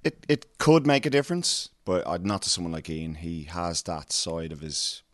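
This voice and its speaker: A man, a coach answering interview questions, slightly hoarse from cheering, emphatic and full of "you know". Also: deep voice, normal speed, no echo, studio quality. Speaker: MMA coach.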